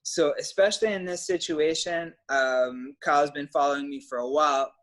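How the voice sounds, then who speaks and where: A passionate man, his voice pitched a little high. He talks casually and emphatically, now and then swearing, as he tells a story as a coach. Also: fairly even intonation, normal speed, a bit bright. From Canada. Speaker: trainer and guest coach.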